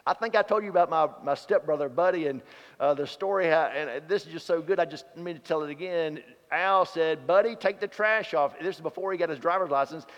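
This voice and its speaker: A man preaching a sermon, telling stories and swinging from loud to hushed. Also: on the high side, a little fast. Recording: dull sound in a reverberant hall.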